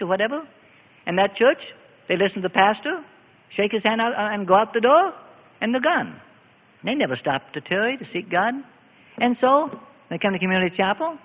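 An older man preaching a sermon as pastor, swinging from low, quiet asides up to loud, emphatic declarations. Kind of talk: evening sermon. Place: church hall. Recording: echoey hall, thin phone-like sound.

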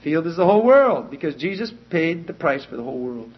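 Man, Bible teacher, lecture, husky voice, earnest, repeats key points, muffled lo-fi recording. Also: a little high, very animated, a little fast. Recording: dull lo-fi recording.

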